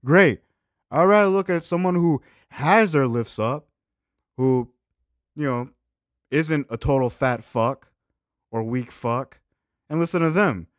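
A man hosting a reaction video, ranting with crude, sarcastic mockery and swinging between loud outbursts and low mumbles. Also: a little slow, long pauses, no echo, clean studio sound. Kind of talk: profane ranting reaction commentary.

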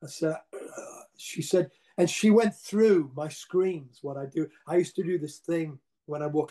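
A man's voice: on the high side, normal speed. An older man telling casual, rambling stories as an interview guest, with frequent restarts. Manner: rambling, animated anecdotes with repeated restarts. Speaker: interview guest, rock singer. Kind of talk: casual storytelling.

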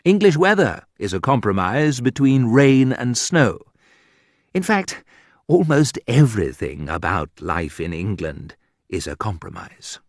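A man reading a humorous graded reader aloud in a wry, deliberate storytelling manner, with a sudden lift in pitch for quoted remarks. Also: very animated, dry recording, studio quality. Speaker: audiobook narrator.

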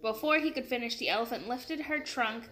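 A woman reading a children's chapter book aloud in a friendly, expressive way. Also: a little high, brisk. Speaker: storybook reader.

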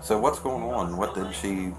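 A woman's voice: a bass voice, a little slow, a crowd in the background. A woman police officer giving curt commands during an arrest. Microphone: police body camera. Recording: noisy body-cam audio.

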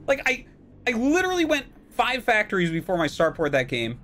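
A man's voice: extremely high pitch, big pitch swings, normal speed, bright, forceful tone, soft background music. Ranting, foul-mouthed game streamer man. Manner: ranting, exasperated, heavy swearing. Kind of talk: live-stream commentary while playing.

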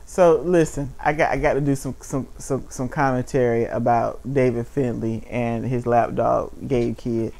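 A man's voice: mid-range voice, steady tone, moderate pace, creaky, few pauses, a little mellow. A man co-hosting a casual wrestling chat, blunt and mocking, with frequent swearing. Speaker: podcast co-host.

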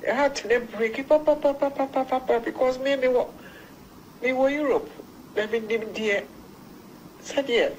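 A woman's voice: fairly high pitch, a little hiss or hum, poor audio. A woman calling in to a talk show, earnest and pleading, repeating phrases as she speaks. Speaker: caller. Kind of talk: emotional phone-in call.

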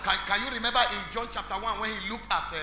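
A man with a Nigerian accent preaching a sermon as pastor, quizzing the congregation and building to shouts. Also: high-pitched, fairly even intonation, fast talker. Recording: echoey hall with faint music.

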